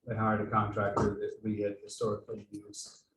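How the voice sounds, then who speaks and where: A man on a board who speaks in a halting way, with restarts, during a meeting discussion. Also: lowish voice, completely flat delivery, distant mic. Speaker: board member. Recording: echoey room, off-mic, faint noise.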